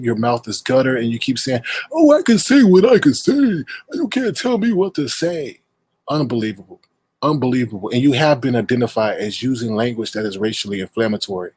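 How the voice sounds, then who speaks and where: A man's voice: medium pitch, breathy edge, dry recording. A man hosting a livestream, scolding and insulting people in a heated roast rant. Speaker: livestream host.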